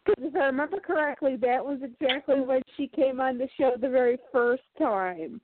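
A woman's voice: high-pitched, normal speed. Chatty woman co-host on a tinny line. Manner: chatty, rambling with fillers. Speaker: podcast co-host. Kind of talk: casual chat. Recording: tinny phone-like line, dry.

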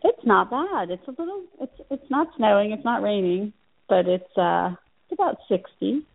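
A woman's voice: mid-range voice, very animated, moderate pace, vocal fry, no room sound. A woman from Central Ohio, a nutrition practitioner, chatting as a guest in an interview and laughing often. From Central Ohio, USA. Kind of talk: casual interview chat. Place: New York City. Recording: tinny phone-like line.

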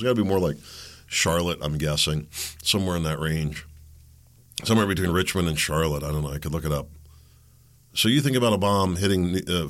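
A man's voice: sits low, vocal fry, a bit bright. A man hosting a casual political commentary, rambling and thinking aloud as he reads passages out. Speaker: commentary show host.

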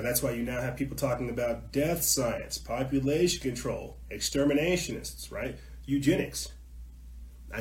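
A man hosting a call-in talk show, ranting heatedly and repetitively, swinging from low mutters to shouting. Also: reverberant.

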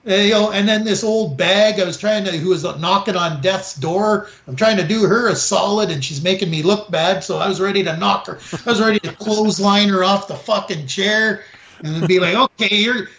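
A man's voice: sits high, moderate pace, a bit bright. A man co-hosting a podcast, telling a story in a profane, ranting way. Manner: profane, ranting storyteller who acts out quoted people. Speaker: podcast co-host. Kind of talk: casual chat. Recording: echoey, dull lo-fi room sound.

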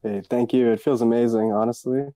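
An earnest man introduces himself as a guest, speaking in a measured way with pauses and fillers. His voice is low, very dark and mellow, with little rise and fall. The recording is dry, with no room sound. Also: little pitch movement, no room sound. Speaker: guest team member. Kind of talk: casual introduction.

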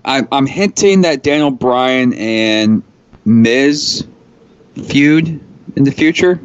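A man co-hosting a casual wrestling talk show, halting often with ums and restarts. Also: mid-range voice, muffled recording. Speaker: podcast co-host.

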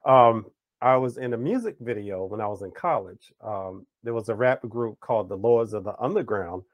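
A man hosting a podcast interview, telling stories in an animated, chatty way. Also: on the low side, normal speed, no room sound. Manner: animated storyteller, acts out quoted voices. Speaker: podcast host. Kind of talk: casual conversational interview.

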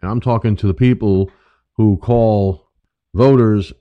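A man's voice: lowish voice, steady tone, unhurried, no room sound. A man from New York State hosting an internet radio show, delivering a profane, emphatic political monologue. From New York State, USA. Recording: dull lo-fi dry audio.

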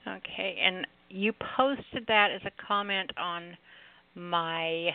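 A woman's voice: lowish voice, takes it slowly, creaky, dry recording. A woman hosting a call-in radio show, chatting casually and affectionately with callers and laughing often. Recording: dry tinny phone-line sound.

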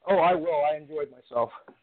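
A man's voice: on the high side, fast, crowd noise. A man calling in, telling a story in a rambling, profane way with lots of restarts. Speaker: caller. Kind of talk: casual storytelling. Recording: tinny phone line.

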